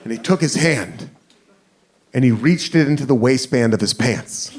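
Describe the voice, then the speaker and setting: A man's voice: medium pitch, animated, normal speed, darkish tone. A man doing stand-up comedy, telling a self-mocking story on a club stage. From United States.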